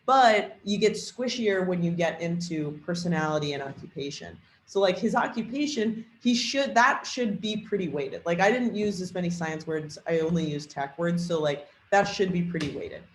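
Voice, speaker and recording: A woman's voice: fairly low pitch, lively intonation, normal speed, few pauses, echoey room, slight background noise, rough recording. A woman giving a casual tutorial on tuning an AI character, thinking aloud with lots of fillers. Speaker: trainer demoing an AI character tool.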